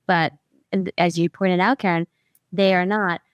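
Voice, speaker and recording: A woman's voice: lowish voice, fairly even intonation, unhurried, clean tone, no echo, highs cut off. A woman in her thirties from New Jersey, hosting a podcast interview in a friendly, curious way. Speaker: podcast host.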